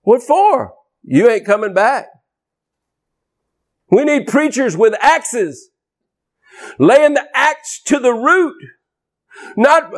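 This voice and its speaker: A high-pitched man preaches a fiery deliverance sermon. He hammers his points with emphatic repetition and sudden shouted bursts, his voice sitting well above the usual male range. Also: expressive, slow, pauses often.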